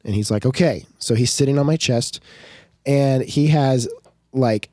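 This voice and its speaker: A man's voice: medium pitch, a little slow, a little mellow, no room sound, clean studio sound. A man in his thirties on a podcast, telling a family story and acting out his kids' lines. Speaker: podcast co-host. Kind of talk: casual storytelling chat.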